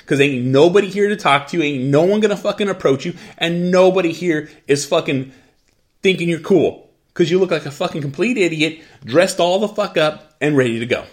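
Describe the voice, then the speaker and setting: A man's voice: a little high, fairly quick. Blunt, swearing ranting man. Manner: profane, blunt, rants and repeats himself. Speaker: podcast host. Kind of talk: profane angry rant.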